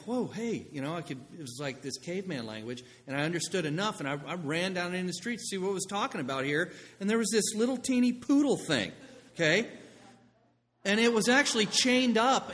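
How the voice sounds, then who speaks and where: A middle-aged man preaching a sermon as pastor, telling stories with lively asides and a conversational manner. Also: fairly high pitch. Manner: animated storytelling, conversational asides. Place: church sanctuary. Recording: long reverb in a large room.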